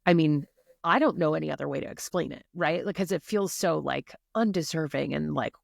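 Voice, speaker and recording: A woman's voice: sits low, fairly quick, gravelly, no echo, studio quality. A woman in her forties hosting a faith-minded business podcast, affirming her guest and often adding "right?". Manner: warm, affirming, faith-talk, frequent "like" and "right?". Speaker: podcast host. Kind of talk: podcast interview.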